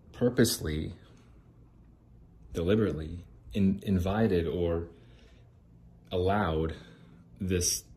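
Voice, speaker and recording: A middle-aged man with a low, dark voice vents in a loose, rambling monologue, swearing as he goes. The faint hum of outdoor noise sits behind him. He sounds aggrieved and keeps circling back to his complaints. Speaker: podcast host. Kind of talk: casual ranting monologue. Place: outdoors near an apartment complex.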